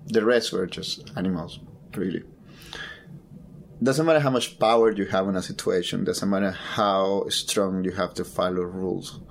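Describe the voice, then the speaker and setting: A man, a photographer, telling a personal story in an interview, halting and repeating words as he searches for them. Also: low-pitched, fairly even intonation, vocal fry.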